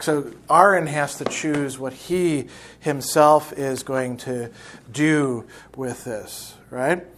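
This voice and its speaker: A man's voice: medium pitch, slow pace, fairly bright tone. A man teaching philosophy in a video lecture, explaining a novel in a reflective way.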